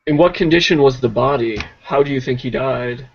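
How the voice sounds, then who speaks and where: A man at a tabletop game asks careful, probing questions. His voice sits at a middle pitch, and the recording sounds dull and lo-fi. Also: brisk, gravelly, husky. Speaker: player. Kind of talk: casual tabletop play.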